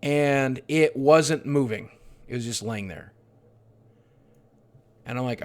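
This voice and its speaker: A man's voice: mid-range voice, a little slow, long pauses. Profane man telling a grim story. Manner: profane, confessional, swings from hushed to loud. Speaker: streamer. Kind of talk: personal storytelling on a livestream.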